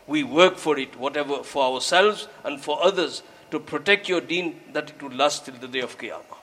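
A man's voice: fairly high pitch, moderate pace. A man preaching a sermon, telling a story and earnestly urging his listeners, dropping Urdu and Arabic religious words into his English. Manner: earnest, exhorting, grows louder when urging.

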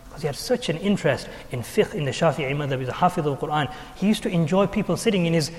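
A man giving an Islamic talk, telling historical stories in an animated way, with fillers and restarts. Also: fairly high pitch, fast, in a large hall. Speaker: Islamic speaker. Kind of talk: sermon.

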